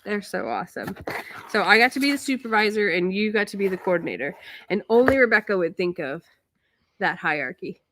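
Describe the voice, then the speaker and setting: A woman's voice: mid-range voice, expressive, a little fast, fairly bright tone, a little hiss or hum. A woman, hosting a casual chat, bubbly and giggly as she reads fan letters aloud. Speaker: host opening fan mail.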